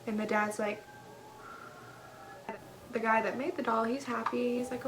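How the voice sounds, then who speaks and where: Animated woman casually retelling a spooky tale. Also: a little high, normal speed, slight background noise, poor audio. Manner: animated, acts out quoted lines, many "he goes" and "like". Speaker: storyteller.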